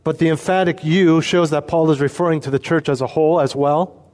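Man, pastor, expository sermon, emphatic, measured delivery. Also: a little high, fairly even intonation, darkish tone. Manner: earnest, emphatic, slows down for emphasis.

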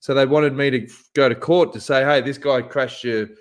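A man co-hosting a relaxed podcast chat. He tells stories with animated energy and acts out the other people's voices in them. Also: mid-range voice, moderate pace. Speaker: podcast co-host. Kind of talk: casual storytelling chat.

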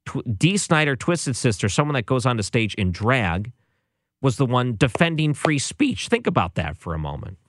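A man's voice: mid-range voice, big pitch swings, normal speed, dry recording, clean studio sound. A man hosting a show, giving casual music commentary with a sarcastic, exasperated manner. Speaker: radio or podcast host.

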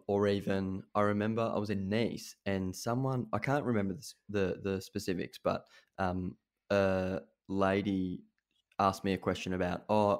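A young Australian man co-hosts a radio show in easygoing, upbeat chat. His voice is a touch low, and he leans on fillers as he thinks aloud. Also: a little mellow. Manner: upbeat, laughs easily, filler-heavy. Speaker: radio co-host.

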